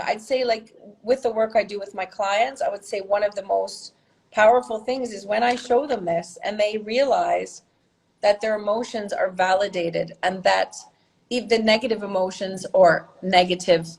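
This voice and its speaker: A woman podcast guest who works as a healer, talking at an ordinary middle pitch. She explains things in a lively, expressive way, often laughing and letting her voice leap upward. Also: vocal fry, poor audio. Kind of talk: conversational interview.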